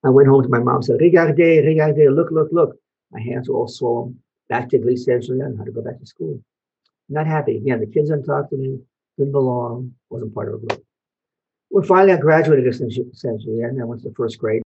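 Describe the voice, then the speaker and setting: A man's voice: medium pitch, vocal fry, breathy edge, lo-fi sound. An older man from Belgium, a Holocaust survivor, telling his life story to an audience and asking them questions. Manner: storytelling, asks the audience questions, short pauses. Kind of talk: personal testimony talk to an audience, showing photos.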